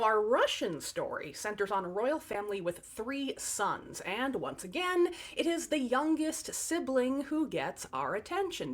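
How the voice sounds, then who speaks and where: A woman telling fairy tales in a comic narration, with sarcastic, wry asides to the audience. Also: on the high side. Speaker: storyteller.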